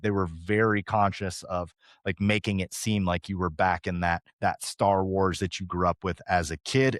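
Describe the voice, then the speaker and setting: A man's voice: deep voice, no echo, clean studio sound. Chatty man in his thirties, podcast host. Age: 30s. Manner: animated, talks fast and rambles, swears casually. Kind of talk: casual chat.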